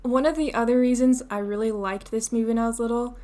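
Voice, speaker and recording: A woman's voice: on the high side, fairly even intonation, fast, warm tone. A young adult woman co-hosting a podcast, rambling in casual chat with many fillers and laughs. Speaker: podcast co-host.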